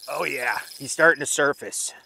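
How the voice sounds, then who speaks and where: A man's voice: medium pitch, moderate pace, creaky, pushed and bright, a little hiss or hum. A young man in the middle of his range talks casually to his viewers while he fishes outdoors at night. He rambles and cracks jokes as he works, in a loose vlog style. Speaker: fishing vlogger.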